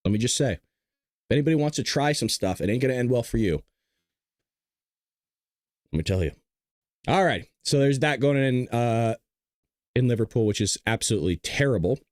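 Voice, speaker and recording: A man hosting a live stream, talking to the chat in a blunt, casual, combative way and often clearing his throat. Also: mid-range voice, expressive, fairly quick, no echo, clean studio sound. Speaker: show host. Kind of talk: livestream commentary to a chat.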